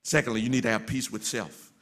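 A man preaching a sermon as pastor, swinging from soft, low passages to loud, shouted refrains. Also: flat delivery, quick pace.

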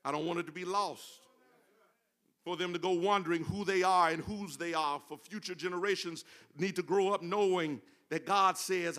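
A man's voice: sits high, steady tone, normal speed, a bit bright. A man preaching a sermon in a church, building to fervent, half-sung phrases. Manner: preaching with rising fervor and sung, chanted phrases. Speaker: pastor. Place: church sanctuary.

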